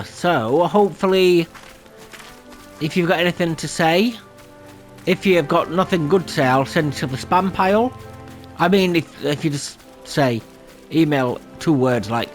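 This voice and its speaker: A man hosting a gameplay video, rambling and self-deprecating and laughing often. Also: on the high side. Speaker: gaming channel host. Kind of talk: casual gameplay commentary.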